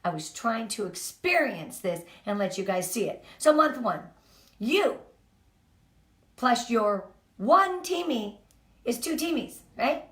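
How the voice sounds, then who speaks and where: A middle-aged woman giving an energetic, emphatic motivational talk to her sales team. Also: a little high, slow pace. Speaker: team leader. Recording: echoey room.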